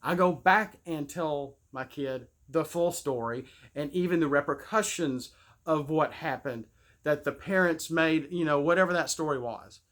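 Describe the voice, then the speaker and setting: A man with a fairly high, bright, forceful voice rants in a loose spoken monologue. He stammers, circles back and restarts his sentences. His tone stays preachy and indignant throughout. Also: a little slow. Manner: rambling, with frequent stammered restarts. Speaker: gaming channel host. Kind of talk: casual spoken rant.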